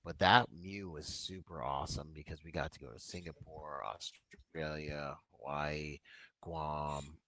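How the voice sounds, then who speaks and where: Guy with a really low voice, rambling through his war stories, dry close mic sound. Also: a little slow, no echo. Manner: relaxed, rambling war stories with filler words. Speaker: podcast guest, veteran. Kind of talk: casual storytelling.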